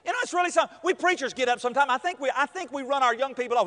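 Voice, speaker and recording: Animated high-voiced preacher in reverb. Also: male voice, rapid-fire. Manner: animated, acts out quotes with laughter. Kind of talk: storytelling sermon. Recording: long hall reverb.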